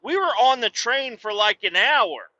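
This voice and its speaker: A man with a high, very sharp, piercing voice hosts a podcast and rants through a story, swearing nonstop and working himself up until he is yelling. The recording sounds dull and lo-fi. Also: expressive, measured pace, no echo. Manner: swears constantly, works himself up into shouting tirades. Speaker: podcast host. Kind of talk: casual profane storytelling rant.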